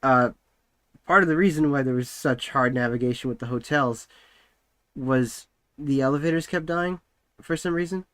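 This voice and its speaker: A man's voice: mid-range voice, moderate pace, long pauses, a bit bright, no echo. A young man streaming from home, chatting casually and rambling with lots of filler words while he works.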